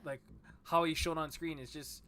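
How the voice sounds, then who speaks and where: A man hosting a casual podcast chat on a headset mic, halting and repeating words as he talks. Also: a little high, fairly even intonation, pushed and bright. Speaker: podcast host.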